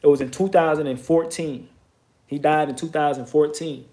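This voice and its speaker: A slightly high-pitched man, spinning a story from his neighborhood. He talks casually and profanely and punches key points with emphasis. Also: fairly even intonation, normal speed, dark tone. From Texas, USA. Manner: emphatic, profane, streetwise retelling with rising bursts of emphasis. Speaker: vlogger.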